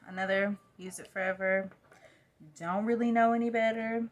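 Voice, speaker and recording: A woman's voice: medium pitch, steady tone, moderate pace. A young woman, chatting and rambling casually while doing her makeup at home, filmed on a phone. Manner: chatty, rambling, self-deprecating. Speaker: vlogger. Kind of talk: casual get-ready-with-me chat. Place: at home by a mirror.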